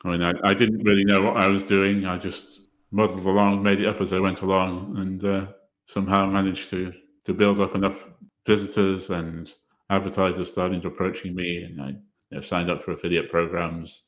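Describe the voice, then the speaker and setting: A man talking as a podcast guest, relaxed and modest, pausing on soft "um"s. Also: low-pitched. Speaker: podcast guest, language website creator. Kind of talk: casual interview conversation.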